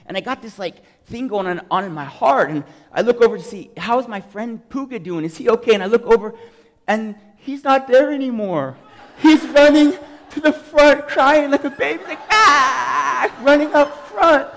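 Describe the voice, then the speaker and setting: Emotional, animated man preaching in a hall. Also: extremely high pitch, normal speed. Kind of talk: testimony sermon.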